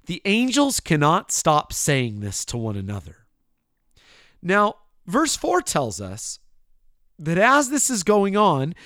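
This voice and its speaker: A man preaching a sermon, addressing the listener directly, moving between hushed asides and loud proclaimed lines. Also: fairly high pitch, dry recording, studio quality.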